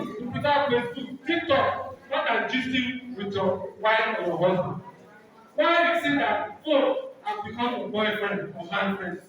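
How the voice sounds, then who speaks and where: High-voiced Nigerian man preaching in an echoey hall. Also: fairly bright tone. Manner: exhorting, repeats questions. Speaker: speaker at a church program. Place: large hall, church program. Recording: echoey hall, mic far off.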